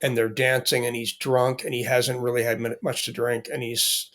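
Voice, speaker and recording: A man's voice: mid-range voice, little pitch movement, moderate pace, hardly any pauses, fairly bright tone. A man who is an author, talking candidly in casual conversation, rambling with restarts and frequent swearing.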